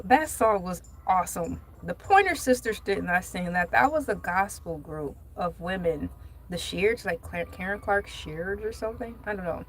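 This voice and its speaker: A woman's voice: mid-range voice, lively intonation, moderate pace, slight background noise, low-quality recording. A woman hosting a casual vlog, reading news aloud and breaking off for playful, joking asides. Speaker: vlog host.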